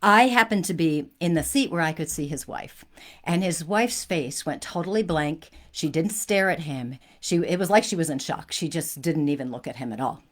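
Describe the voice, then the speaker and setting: A woman's voice: low-pitched, expressive, moderate pace. A woman hosting a spiritual talk, telling a personal story in an earnest, conversational way with frequent restarts.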